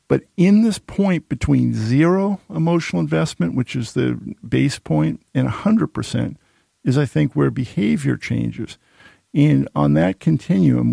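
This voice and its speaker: A man hosting a casual conversation, telling self-deprecating stories with lively asides about marketing and teaching. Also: medium pitch, creaky, no echo. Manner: self-deprecating, animated anecdotes. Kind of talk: casual storytelling chat.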